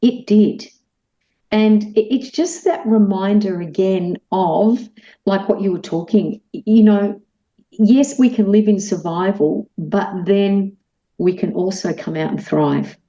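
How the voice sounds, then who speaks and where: An Australian woman, a guest on a talk show, tells a personal story in a lively way and acts out her own lines. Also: medium pitch, takes it slowly. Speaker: guest, animal communicator. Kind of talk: storytelling in casual chat. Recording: echoey room, dull lo-fi sound.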